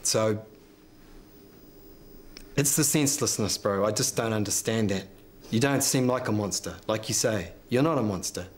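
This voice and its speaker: A man's voice: lowish voice, normal speed, pauses often, slight background noise. Blunt, worked-up New man. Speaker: family member of victim. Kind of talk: emotional conference talk.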